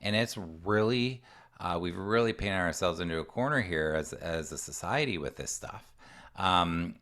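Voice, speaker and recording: A man's voice: low voice, animated, normal speed, fairly bright tone. A man coaching parents in an online presentation, earnest and conversational, now and then acting out what a parent or child might say. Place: home room with a door.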